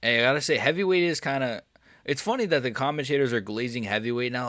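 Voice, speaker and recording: A young man reacting live to fights on a stream, excitable and swearing, swinging from mumbling asides to yelling. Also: medium pitch, fast talker, no echo, studio quality.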